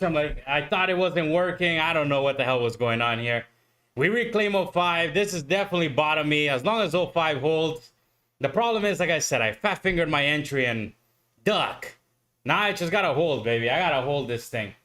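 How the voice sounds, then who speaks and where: A man's voice: fairly high pitch, pushed and bright. A man streaming live futures trading who talks to himself, swears and pleads with the market, exasperated at his own mistakes. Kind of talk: live trading commentary to viewers.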